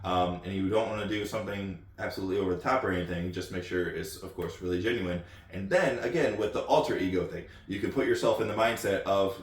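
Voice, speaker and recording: Deep-voiced man rambling in an echoey room. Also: fast talker, hardly any pauses. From United States. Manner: rambling, many ums and repeated words. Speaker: channel host. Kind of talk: casual off-the-cuff talk. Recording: echoey room, distant mic.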